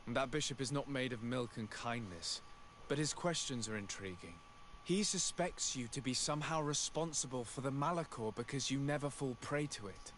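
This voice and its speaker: A man's voice: medium pitch, moderate pace, fairly bright tone, slight background noise, natural voice. A man voicing a courteous young male noble emissary in a video game, speaking in a formal, composed way.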